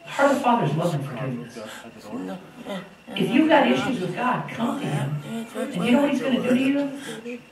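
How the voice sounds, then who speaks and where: A man's voice: extremely high pitch, a little fast, long pauses, crowd noise. A man preaching a sermon to his congregation, telling stories with jokes along the way. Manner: animated, joking storytelling. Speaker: pastor. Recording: echoey room from far off with audience.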